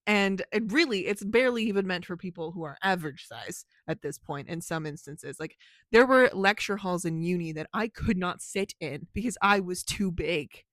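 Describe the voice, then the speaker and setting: A woman's voice: lowish voice, expressive, normal speed, no room sound. Woman author rambling in a casual vlog, says like a lot, swears and laughs, dry close sound. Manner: rambling and chatty, heavy on "like", laughs often, swears freely. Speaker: author and book vlogger. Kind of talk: casual vlog chat about her writing.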